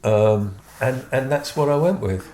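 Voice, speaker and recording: A middle-aged man as an interview guest, talking in a thoughtful, unhurried way that trails off and restarts. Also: mid-range voice, lively intonation, darkish tone. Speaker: musician guest. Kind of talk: casual interview chat.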